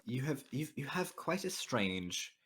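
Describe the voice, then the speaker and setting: A man with an Australian accent hosting a casual podcast chat, talking haltingly with many restarts. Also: mid-range voice, sing-song, background noise. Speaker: podcast host.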